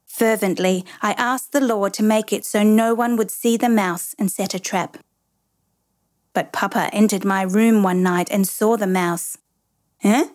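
A woman's voice: mid-range voice, steady tone, unhurried, a little mellow. A woman reading a storybook. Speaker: narrator.

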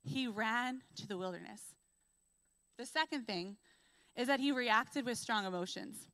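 A young adult woman giving a church sermon, telling stories in a lively way and acting out what people say. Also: on the high side, measured pace, dry recording. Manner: lively storytelling, acts out quotes. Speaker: preacher.

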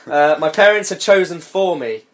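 A man's voice: a little high, lively intonation, normal speed. A young man reading a story aloud on a comedy podcast, breaking off for sarcastic, sweary remarks and frequent laughter.

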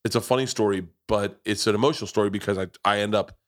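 A man's voice: on the low side, steady tone, fast talker. A middle-aged man hosting a podcast, telling stories in a boisterous, profane, casual way. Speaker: podcast host.

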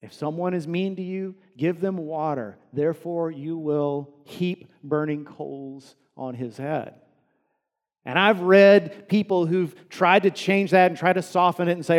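A man preaching a sermon as pastor, earnest, climbing to emphatic peaks and dropping soft again. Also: a little high, a little slow, long reverb tail.

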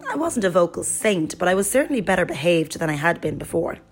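A woman reading a personal blog aloud as first-person narration, in an even, storytelling manner. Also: on the low side, quick pace, faint music behind. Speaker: guest reader voicing a friend's blog.

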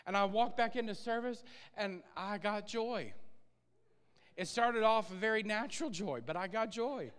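A man preaching a sermon in an animated way, laughing often and acting out his own prayers, recorded in a church sanctuary. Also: sits high, moderate pace, clean tone. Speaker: pastor. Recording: long reverb of a church hall.

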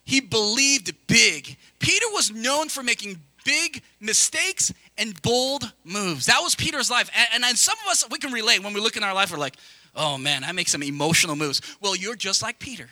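A young male pastor gives an animated sermon that is full of asides to the congregation. His voice sits very high for a man and sounds bright and sharp. The sound is close and dry. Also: no room sound. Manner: animated, conversational preaching with quick asides to the congregation.

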